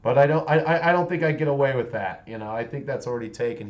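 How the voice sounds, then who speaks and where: A man's voice: mid-range voice, quick pace, few pauses, dull audio. A man in his forties chatting casually on a livestream while painting miniatures, rambling along with many restarts.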